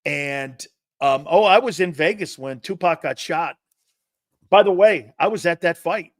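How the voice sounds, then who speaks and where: Speaking a little slowly in a slightly high voice, a man in his 50s hosts sports talk and wanders through casual anecdotes, restarting sentences and cursing now and then. The recording is dry, with studio quality.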